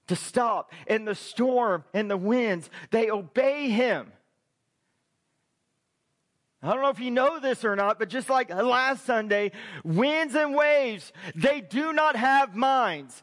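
High-voiced man preaching a sermon. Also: a bit bright. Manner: emphatic preaching, asks the congregation rhetorical questions. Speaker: pastor. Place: church.

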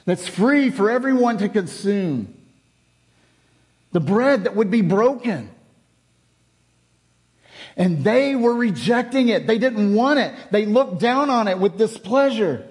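A man's voice: high voice, animated, slow pace, long pauses, a little mellow. A man preaching a sermon, reading scripture aloud and explaining it with rhetorical questions and repetition.

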